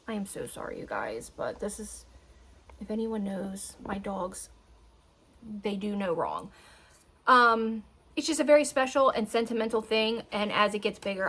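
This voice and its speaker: Woman, 30s, slightly high voice, casual rambling vlogger who keeps getting sidetracked. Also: lively intonation, unhurried, fairly bright tone. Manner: chatty, rambling, talks to her dogs mid-sentence. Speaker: beauty vlogger. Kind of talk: casual chat.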